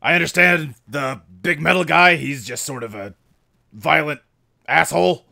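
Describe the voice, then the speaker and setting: A man's voice: on the high side, normal speed, creaky, sharp tone, full character voice. A man voicing Rex, an earnest, eager male soldier dog who answers in a clipped military way. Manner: clipped military "ma'am" replies.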